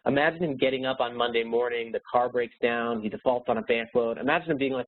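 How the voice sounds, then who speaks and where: Male webinar speaker, mid-pitched, earnest upbeat coaching delivery; narrow lo-fi audio. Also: fast, hardly any pauses. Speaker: speaker and educator. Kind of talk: motivational webinar presentation. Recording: tinny phone-like webinar audio.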